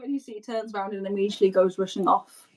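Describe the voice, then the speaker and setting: A woman's voice: mid-range voice, fairly even intonation, very fast, low-quality recording. A woman game master narrating a tabletop role-play scene in a loose, descriptive way with many fillers.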